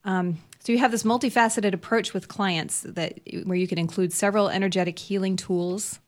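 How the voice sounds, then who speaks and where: A woman's voice: mid-range voice, steady tone, moderate pace. A woman co-hosting a radio talk show in casual chat, friendly and laughing often. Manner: friendly, laughs often, stumbles over long names. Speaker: radio co-host.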